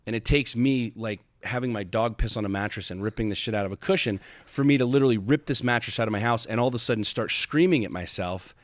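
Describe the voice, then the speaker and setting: Low-voiced dude hosting a podcast, intense and sweary, keeps restarting his sentences, dry close sound. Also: fast, few pauses, no echo. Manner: intense, emphatic, profane, with frequent repeated starts. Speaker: podcast host. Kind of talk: podcast conversation, personal storytelling.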